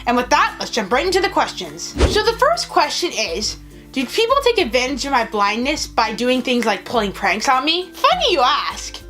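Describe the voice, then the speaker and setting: A woman's voice: high voice, sing-song, moderate pace, bright, forceful tone, faint music behind. A woman hosting her own channel, chatting casually and telling stories while answering viewer questions. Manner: chatty, storytelling, frequent "like" fillers. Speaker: vlogger host.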